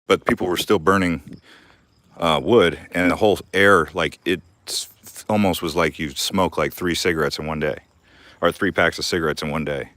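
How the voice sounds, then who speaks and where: A man's voice: low voice, steady tone, moderate pace, fairly bright tone, no room sound. A young man hosting a casual live-stream Q&A from his backyard garden, rambling and laughing often. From Arizona.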